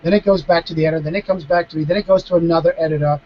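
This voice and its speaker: A man, a mentalist guest, chatting casually over a video call, animated and stopping to restart his sentences. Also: fairly high pitch, racing, dull audio. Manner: animated, acting out dialogue, frequent restarts. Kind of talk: casual storytelling Q&A.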